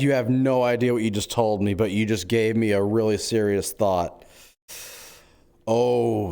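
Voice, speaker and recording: A man streaming in-character role-play chat, excitable and scheming, cracking quick jokes. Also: lowish voice.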